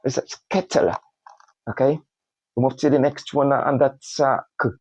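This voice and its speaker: A man teaching a phonics lesson, spelling out letters one by one and repeating each word slowly. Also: mid-range voice, lively intonation, a little mellow, breathy edge, dry recording, lo-fi sound.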